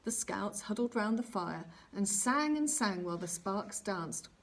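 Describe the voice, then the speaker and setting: A woman reading a children's story aloud, narrating gently and expressively. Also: mid-range voice, lively intonation, unhurried.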